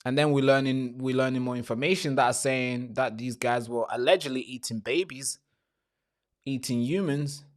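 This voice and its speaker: A man hosts his own live stream with no polish, talking straight to his viewers. His voice sits at a middling pitch, and he swears freely, circles back and restarts phrases as he goes. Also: moderate pace. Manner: repeats himself and restarts phrases.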